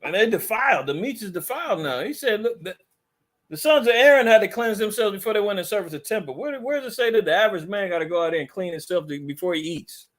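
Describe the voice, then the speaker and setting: Guy with a high voice leading bible study, fired up and mocking, preachy. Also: animated, fast talker, a bit bright. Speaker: Bible teacher. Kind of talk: conversational Bible teaching.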